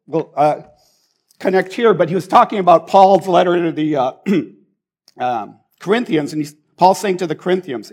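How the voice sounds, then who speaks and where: Husky, gravelly man preaching. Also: high-pitched. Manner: conversational, restarts often, earnest. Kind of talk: informal sermon.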